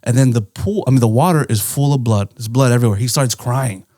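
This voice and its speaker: A man at middle pitch tells a story across a podcast table in loose, rambling chat. He swears freely and keeps checking in with his listeners as he goes. The sound is close and dry, with no room around it. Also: fast, warm tone, dry recording. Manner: rambling, swears often, tags lines with "right?". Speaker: podcast co-host. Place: indoor podcast studio.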